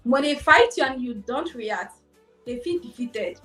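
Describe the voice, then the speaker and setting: A woman's voice: sits high, lively intonation, unhurried, a bit bright. A woman streamer speaking as a podcast guest, earnest and reflective, recorded on a distant, echoey mic with faint music underneath. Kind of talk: live podcast conversation.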